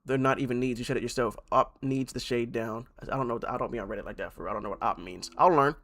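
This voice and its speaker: A young man streaming and reacting to online posts. He swings from loud outbursts to low mutters and restarts his sentences often. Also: quick pace. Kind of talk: live-stream reaction commentary.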